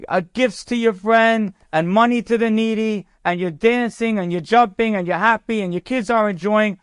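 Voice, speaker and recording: A man, a rabbi, telling a story in a sermon with a conversational, animated manner. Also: sits high, normal speed, clear, resonant tone, no room sound, clean studio sound.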